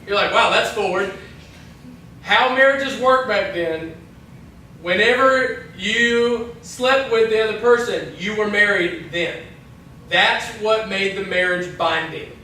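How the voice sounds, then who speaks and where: A man's voice: high voice, takes it slowly, pushed and bright, slight background noise. A man, a youth pastor, casually teaching a Bible lesson to a group of young women, chatty and jokey with many asides and restarts. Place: church hall. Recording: echoey hall from far off.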